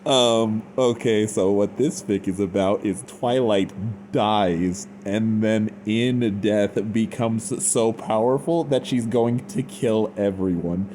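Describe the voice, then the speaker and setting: A man's voice: fairly low pitch, takes it slowly, darkish tone, a little hiss or hum. A man giving an unscripted, rambling review in casual slang, full of fillers. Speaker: fan fiction reviewer.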